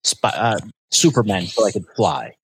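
A man hosting a casual podcast, ranting in exasperation and jumping up in pitch for emphasis. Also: animated, normal speed, slightly rough, rough recording. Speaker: podcast host.

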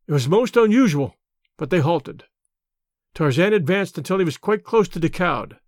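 A man narrating an audiobook adventure in a steady, clear storytelling delivery. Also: high voice, moderate pace, no room sound, clean studio sound. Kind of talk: scripted narration.

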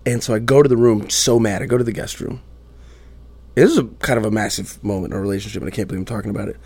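A man rattles through a personal story at a quick clip, candid and self-mocking, tossing in little asides as he goes. The sound is close and dry, with no room around it. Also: lowish voice, steady tone, a little mellow, slightly rough, dry recording. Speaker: musician guest.

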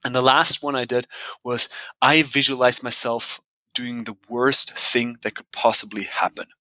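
Bright-voiced man telling lively stories. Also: medium pitch, measured pace, dry recording, low-quality recording. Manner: animated storyteller who acts out dialogue and laughs often. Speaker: podcast guest, author. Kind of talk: conversational interview.

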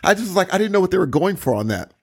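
A man talking casually about a series he loves. His voice sits a little high and swings widely as he gets excited, exclaiming often and restarting sentences mid-thought. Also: very fast, husky. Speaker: co-host discussing a TV series. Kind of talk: casual chat.

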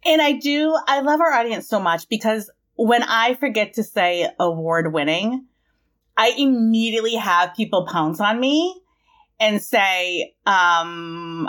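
A young woman co-hosting a podcast in casual chat, animated and playful, laughing often. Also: mid-range voice, a little slow. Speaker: podcast co-host.

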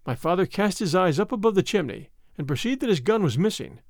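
Man reading a story aloud, high voice, lots of lilt, dry sound. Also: sing-song, no echo. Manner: measured, dramatic storytelling. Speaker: audiobook narrator. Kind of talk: scripted first-person narration.

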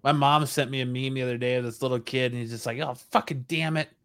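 A man's voice: mid-range voice, little pitch movement, rapid-fire, a bit bright, clear, resonant tone, no echo. A young adult man in casual podcast chat, making wry, teasing quips.

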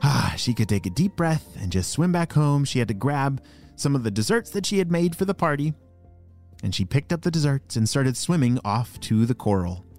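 A man narrating a children's story, animated and talking directly to young listeners with questions. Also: medium pitch, moderate pace, faint music behind.

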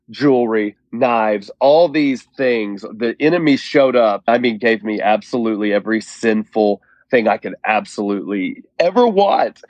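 A man recounts his life story as an interview guest. His voice sits on the low side, earnest and heartfelt. The sound is dry and close, with no room echo. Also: a little mellow, highs cut off. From Oklahoma. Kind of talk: personal testimony in an interview.

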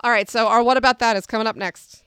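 A woman hosts a casual podcast, steering the talk with playful questions. Her voice is smooth and crisp. It sounds dry and close to the mic. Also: a little high, steady tone, fast, a bit bright, no room sound. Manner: playful, leads the discussion with questions. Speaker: podcast host.

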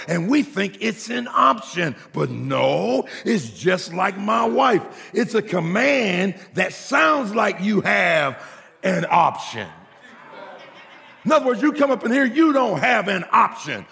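A man preaches with a high, gravelly voice, trading quips with his congregation and calling for responses. He climbs into fervent shouted exhortation. The sound rings with long reverb from a large hall. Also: expressive, a little slow. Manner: humorous asides to the congregation. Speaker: pastor. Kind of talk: sermon.

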